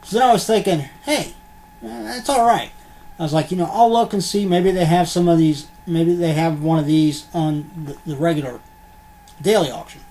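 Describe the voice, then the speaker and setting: A man's voice: a little high, brisk, warm tone. A man chatting in a rambling, casual way as he unboxes collectibles, with lots of ums and the odd curse word. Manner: rambling, filler-heavy, mildly profane. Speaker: unboxing vlogger. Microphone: computer webcam.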